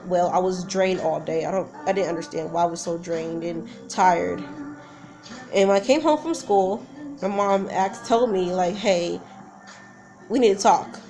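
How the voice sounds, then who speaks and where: A woman's voice: medium pitch, moderate pace, over music. A woman in her twenties telling a personal story in a casual, rambling, emotional way, full of fillers and restarts. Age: 20s. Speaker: vlogger.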